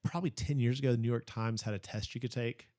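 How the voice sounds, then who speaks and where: A man's voice: medium pitch, fairly even intonation, quick pace, a little mellow. A man who is a pastor, chatting casually in an interview and telling rambling stories full of fillers and restarts. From Nebraska, Texas, Kentucky.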